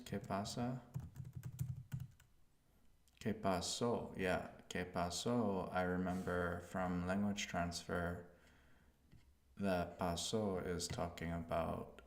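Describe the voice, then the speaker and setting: A man streaming himself learning Spanish, slowly thinking aloud as he works out verb forms. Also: deep voice, gravelly, echoey room. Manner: slow, musing, talks to himself while working out conjugations. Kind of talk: live-streamed self-study, thinking aloud.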